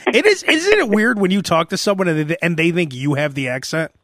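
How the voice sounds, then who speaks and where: A man hosting a podcast in casual chat, telling stories in an animated way and slipping into mock voices. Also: high voice, fairly quick, no room sound, studio quality. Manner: animated storyteller, often slips into mock voices. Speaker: podcast host.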